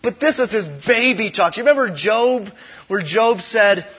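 Male pastor, husky and fairly high, conversational preaching style, loud-to-hushed swings, dull lo-fi sound. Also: moderate pace. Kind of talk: sermon.

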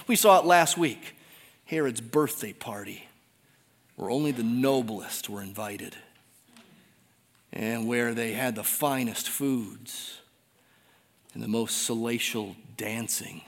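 A man preaching a sermon, reading scripture aloud with drama and swinging between loud exclaiming and hushed near-whispers. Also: mid-range voice, expressive, a little slow, long reverb tail. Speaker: pastor.

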